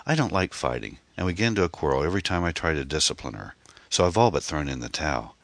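A man's voice: rumbling low, expressive, fast talker, a bit bright, no room sound, exaggerated voice. A man voicing a frightened, anxious middle-aged divorced mother in an audiobook, with a pleading manner. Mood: weary. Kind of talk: audiobook character voice.

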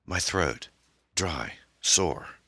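A man's voice: low voice, lively intonation, drawn-out words, sharp tone, husky, dry recording, studio quality, pitched above the performer's own voice, full character voice. A man voicing a groggy husband who wakes up dazed and confused in a hospital bed.

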